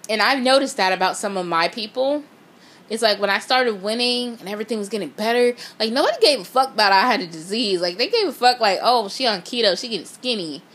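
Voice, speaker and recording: A woman's voice: a little high, animated, quick pace, a bit bright. A woman giving a blunt, profane motivational talk, speaking straight to her viewers. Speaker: motivational vlogger.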